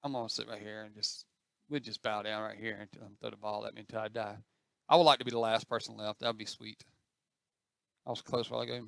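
A man's voice: lowish voice, little pitch movement, fast talker, gravelly, fairly bright tone, dry recording, clean studio sound. A man giving chatty, self-mocking commentary as he plays an online game, talking to the other players on screen. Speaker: gaming channel host. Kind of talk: casual gameplay commentary.

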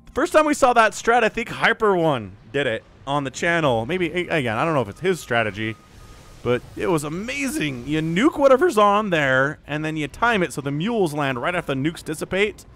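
A young man casting a strategy game match, excitable and rambling, laughing and shouting at big plays. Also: on the high side, fairly quick. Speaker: game caster. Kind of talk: esports commentary.

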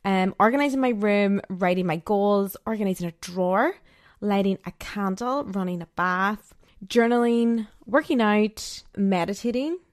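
A woman's voice: mid-range voice, moderate pace, no room sound, clean studio sound. Chatty young woman podcasting. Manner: chatty, frequent "like" fillers, acts out quoted dialogue. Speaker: podcast host. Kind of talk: casual solo podcast monologue.

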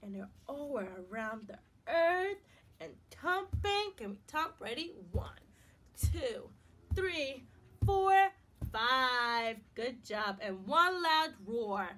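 A woman's voice: fairly high pitch, animated, fairly bright tone. Sing-song preschool teacher woman. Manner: sing-song, exaggerated and encouraging, spelling words out slowly. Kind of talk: online circle-time lesson for young children.

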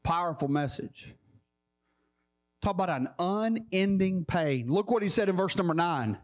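A man pastor preaching a sermon in a church, fervent and repetitive, building up to shouts. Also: high voice, lively intonation, a little slow.

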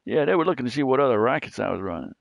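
A man voicing a gruff middle-aged male mob boss while reading game dialogue aloud, attempting an Italian accent. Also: medium pitch, animated, very fast, no echo, dull audio. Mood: grim.

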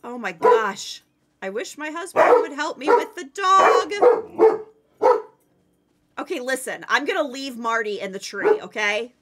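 A woman streaming a game live, commenting excitedly to her chat and teammates. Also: a little high, measured pace, pauses often.

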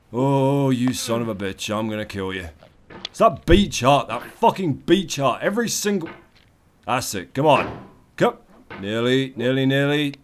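A man doing comedic let's play commentary, profane and theatrical, yelling at the game and its maker. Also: mid-range voice.

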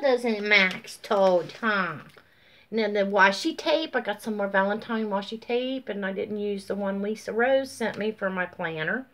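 A woman chatting casually as she shows off craft mail, gushing and drawn-out, sleepy and yawning. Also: mid-range voice, slight background noise. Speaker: craft vlogger. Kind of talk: casual show-and-tell chat.

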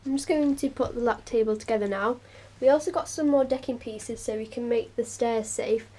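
A woman's voice: a little high, brisk, mellow. A young woman chatting casually in a pet vlog, cooing now and then at her animals. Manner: chatty, coos at her pets. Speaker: vlogger.

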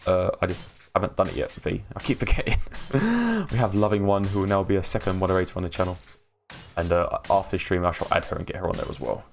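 A man's voice: sits low, big pitch swings, fast, creaky, soft background music. An English man hosting a casual live game stream, rambling, laughing often and greeting viewers in chat by name. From England. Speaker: livestream host.

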